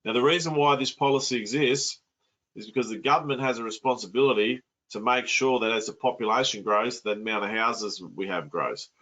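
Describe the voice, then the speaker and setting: A man's voice: mid-range voice, fairly quick, fairly bright tone. A man coaching property investment in an online masterclass, blunt and colloquial.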